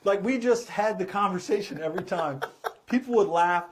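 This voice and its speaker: A middle-aged man, a car sales trainer, telling a story in a casual, animated way and laughing as he goes. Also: high-pitched, normal speed, slight background noise.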